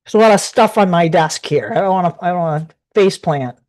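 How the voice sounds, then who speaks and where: A woman's voice: on the low side, animated, fairly quick, a little mellow. A woman giving a casual live tarot reading from her desk at home, talking in a rambling, chatty way with many restarts. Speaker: tarot reader.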